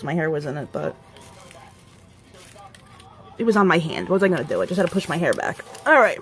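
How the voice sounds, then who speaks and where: A woman vlogging a casual hands-on demonstration, chatting and rambling to viewers as she works, with playful warnings and quick asides. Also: lowish voice, big pitch swings, a little hiss or hum. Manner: chatty and rambling, talks to viewers while working.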